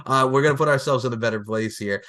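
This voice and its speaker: A man in his forties hosting a casual podcast chat, excitable, laughing often and swearing freely. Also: mid-range voice, fast talker. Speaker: podcast host.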